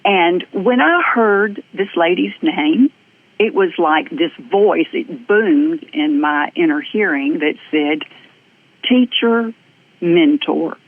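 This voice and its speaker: A middle-aged woman with a Southern US accent, a guest telling her personal story with earnest, lively energy and frequent fillers. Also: lowish voice, slow pace. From American South. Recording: tinny phone-like audio.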